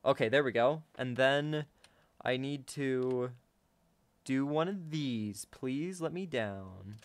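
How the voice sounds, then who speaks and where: A young man casually commenting on his own gameplay to viewers, excitable and chatty, often gasping and laughing. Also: medium pitch, slow, clean tone, dry recording. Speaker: gaming YouTuber.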